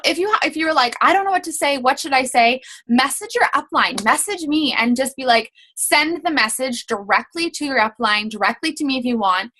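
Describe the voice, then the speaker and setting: Young woman team leader, casual coaching talk; bright and a bit high, chatty, acts out example messages. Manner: chatty, many fillers, acts out quoted messages.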